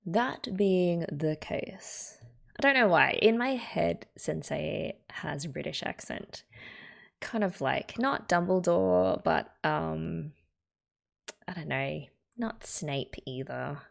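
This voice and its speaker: A woman's voice: sits low, lively intonation, takes it slowly, gravelly. An Australian woman hosting a reaction video, reading a manga aloud and chatting through it with laughing, whispered asides.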